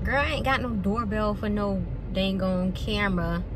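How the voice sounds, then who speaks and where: A woman's voice: mid-range voice, moderate pace, heavy background noise. A young woman vlogging casually, chatty and candid, swearing freely and calling her viewers girl and y'all. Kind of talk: casual vlog chat.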